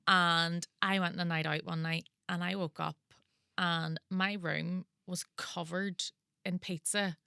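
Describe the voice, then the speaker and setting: A woman's voice: lowish voice, little pitch movement, measured pace, gravelly, bright, forceful tone, clean tone, no echo, clean studio sound. A woman, a radio presenter guesting on a podcast, chatting candidly with fillers and the odd swear. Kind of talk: casual interview chat.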